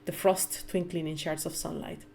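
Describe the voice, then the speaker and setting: A woman reading a novel aloud live, with measured storytelling narration. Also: deep voice, fairly even intonation, creaky, darkish tone, slight background noise. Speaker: reader.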